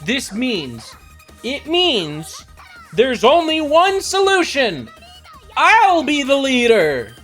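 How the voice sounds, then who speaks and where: A streamer voicing a loud, bossy, excitable teenage girl in a game read-along, with a huffy, exaggerated manner. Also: mid-range voice, measured pace, soft background music, pitched above the performer's own voice. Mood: indignant.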